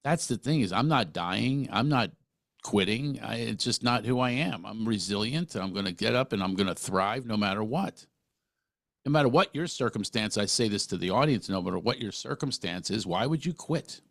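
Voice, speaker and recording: A man's voice: fairly low pitch, expressive, normal speed, gravelly, dry recording, clean studio sound. A middle-aged man hosting a podcast, talking earnestly and emphatically, often restarting his sentences. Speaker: podcast host. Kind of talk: casual interview talk.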